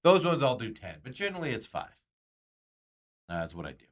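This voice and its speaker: A man's voice: medium pitch, huge pitch swings, fairly quick. A man hosting a sports talk show, chatting casually and rambling with frequent chuckles.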